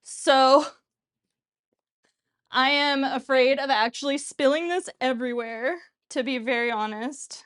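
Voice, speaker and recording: A young woman with a high, bright-pitched voice chats her way through cooking in her home kitchen. She rambles, jokes about herself and keeps up casual banter with her viewers as she works. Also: unhurried, long pauses, clean tone. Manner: chatty, self-mocking, talks while cooking. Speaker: cooking show host.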